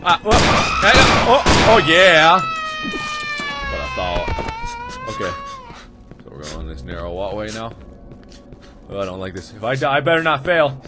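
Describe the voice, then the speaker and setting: A man giving horror gaming commentary, talking to the game and yelping and shouting whenever something jumps at him. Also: mid-range voice, very animated, normal speed, long pauses, music in the background. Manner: jumpy, shouts and yelps at scares, talks to the game. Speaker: let's play gamer.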